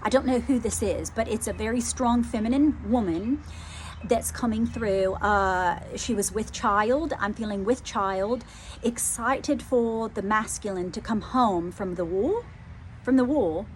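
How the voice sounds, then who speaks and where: A woman psychic medium doing a channelling reading, talking hesitantly, repeating phrases, softly moved. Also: on the high side, a little slow, a little hiss or hum.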